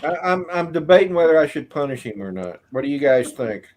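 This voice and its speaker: A man hosting a casual group call, talking haltingly with repeated words and dry jokes. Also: a little high, big pitch swings, darkish tone.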